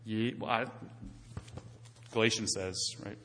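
A man's voice: on the low side, steady tone, takes it slowly, sharp tone, in a large hall. A male pastor preaching a sermon in a church sanctuary, talking conversationally and putting questions to the congregation.

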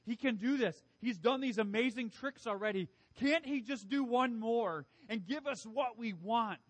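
A man voicing an eager, hopeful onlooker in a crowd, calling out high and loud. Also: moderate pace, no echo. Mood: pleading.

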